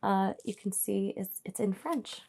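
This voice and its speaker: A woman's voice: medium pitch, a little slow, vocal fry, darkish tone. A young woman hosting a crafting video, chatting casually while she hand embroiders, telling a rambling story with frequent laughs and asides to her viewers. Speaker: host of a crafting channel. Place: home craft space.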